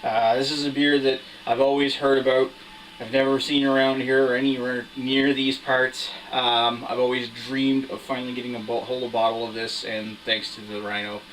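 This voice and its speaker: A man's voice: medium pitch, little pitch movement, normal speed, a bit bright. Young guy rambling thru a beer review, um and uh a lot, sounds a bit far from the mic, faint hiss. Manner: rambling, with frequent fillers and restarts. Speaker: beer reviewer hosting his own show. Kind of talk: casual on-camera chat. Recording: voice somewhat distant from the mic, faint background hiss.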